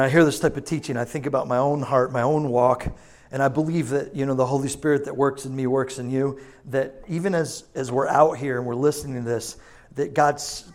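A man preaching a sermon to a congregation, building from low, quiet points to loud, emphatic passages. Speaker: pastor. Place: church sanctuary.

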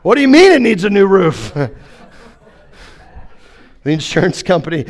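Man, middle-aged, pastor, sermon, humorous storytelling, fairly high voice. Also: sing-song, moderate pace, pauses often. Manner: humorous storytelling, acts out exchanges; preaching cadence with call-and-response.

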